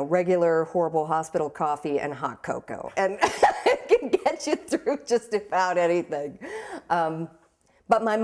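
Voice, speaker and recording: Young woman, slightly low pitch, personal testimony, halting and emotional but steady. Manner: halting, repeats words while searching for them. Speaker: interviewee. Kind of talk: personal storytelling.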